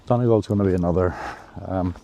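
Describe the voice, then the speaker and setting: A man's voice: low-pitched, quick pace, warm tone, muffled recording, slight background noise. A man vlogging casually while walking uphill through a forest, rambling with lots of fillers and a bit out of breath. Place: outdoors in a forest on a hill.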